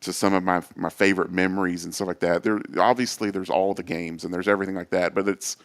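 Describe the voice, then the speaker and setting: A man, a guest on a talk show, telling lively stories with many quoted voices and fillers. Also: low-pitched, fast. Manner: animated storyteller, acts out quoted voices. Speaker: associate athletic director, guest. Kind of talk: casual storytelling interview.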